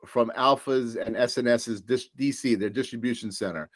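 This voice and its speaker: A man's voice: medium pitch, normal speed, no room sound. A man with a New York accent giving an upbeat, joking sales presentation as a supplier, full of fillers and asides. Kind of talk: business presentation.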